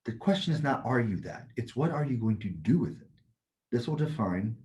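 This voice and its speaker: A man's voice: mid-range voice, lively intonation, a little fast, warm tone. A man co-hosting a casual podcast as a Taoist teacher, talking bluntly, swearing freely and telling stories with energy. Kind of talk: casual chat.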